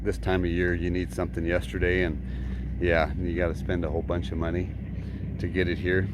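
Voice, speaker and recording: A man talks to a handheld camera out on the farm, his voice sitting a little low. He keeps it casual, with dry, sarcastic asides. Faint outdoor and vehicle noise sits behind him. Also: completely flat delivery, brisk. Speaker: farmer vlogger. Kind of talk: casual vlog walkaround.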